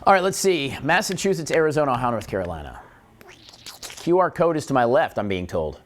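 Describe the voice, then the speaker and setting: Male morning show host, slightly high and very animated delivery, punny and wisecracking. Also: quick pace. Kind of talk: jokey morning show chat.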